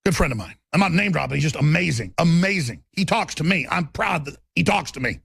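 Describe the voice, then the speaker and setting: A man's voice: on the high side, lively intonation, fairly quick, creaky, a bit bright, husky, dry recording, studio quality. A man hosting a talk radio show, delivering a combative, emphatic monologue.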